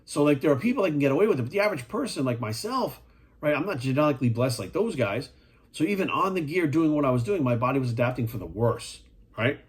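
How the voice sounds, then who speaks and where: A man's voice: medium pitch, expressive, fast talker, slightly rough. A man talking as a fitness coach in a casual monologue, blunt and profane, firing rhetorical questions at the viewer.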